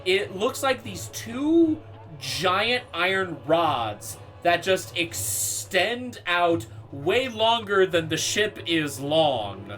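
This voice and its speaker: A man's voice: high-pitched, big pitch swings, drawn-out words, a bit bright, soft background music. A man narrating a tabletop game as game master, loose and rambling with lots of fillers.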